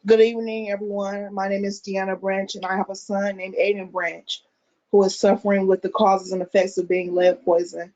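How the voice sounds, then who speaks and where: Mother reading testimony, flat and steady, muffled remote audio. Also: medium pitch, normal speed. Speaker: public commenter, concerned mother. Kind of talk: reading a prepared statement at a hearing. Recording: dull, muffled call audio.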